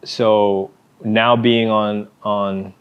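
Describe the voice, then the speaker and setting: A man hosting a podcast, asking questions slowly and haltingly. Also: fairly low pitch, little pitch movement, clean tone, narrow, tinny audio. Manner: slow, halting questions with restarts. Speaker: podcast host. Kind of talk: interview questions.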